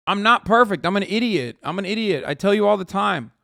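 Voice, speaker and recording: A man's voice: high-pitched, quick pace, gravelly, hardly any pauses, sharp tone, no room sound, studio quality. A man in his thirties, a live streamer, ranting sarcastically with heavy swearing in casual commentary.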